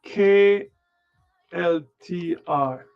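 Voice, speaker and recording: A man hosting a trading livestream, muttering to himself as he sets up his screen, tired and yawning, with sudden loud playful bursts. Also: high voice, drawn-out words, creaky, smooth. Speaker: livestream stock trading host. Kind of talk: rambling livestream chatter. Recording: dull lo-fi sound with faint music.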